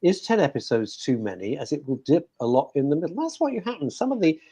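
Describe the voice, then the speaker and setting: A man hosting a radio chat show, talking in a chatty, animated way that sometimes drops to a hushed aside. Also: fairly high pitch, quick pace, breathy edge, no room sound. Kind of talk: casual chat.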